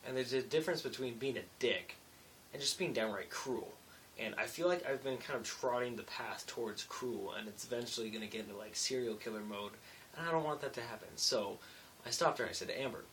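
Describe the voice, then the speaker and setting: Tired young vlogger rambling late at night, a bit far from the mic with light hiss. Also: male voice, mid-range voice, a bit bright. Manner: rambling, self-mocking, restarts and asides. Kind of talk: casual late-night storytelling vlog.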